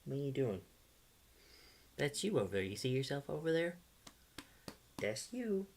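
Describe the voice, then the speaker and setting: A man's voice: mid-range voice, animated, brisk, creaky, darkish tone, a little hiss or hum. Playful man hosting a livestream. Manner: playful, self-teasing, coos at his dog. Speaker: livestream host. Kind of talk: casual livestream chat.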